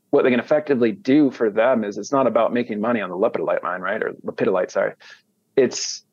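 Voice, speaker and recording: A man's voice: medium pitch, husky, no room sound. An American man talking casually as an interview guest, rambling with many restarts. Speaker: guest, commodity trader. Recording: dull, dry sound.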